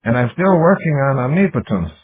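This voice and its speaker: A man voicing a young, curious male computer intelligence who asks slow, childlike questions. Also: medium pitch, very animated, pitched above the performer's own voice, natural voice. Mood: musing. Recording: tinny lo-fi audiobook recording.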